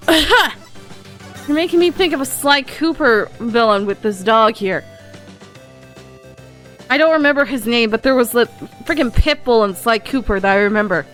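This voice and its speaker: A woman's voice: on the high side, animated, normal speed, pauses often, fairly bright tone, soft background music. A young adult woman giving casual gameplay commentary, giggling and laughing constantly. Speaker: let's play host.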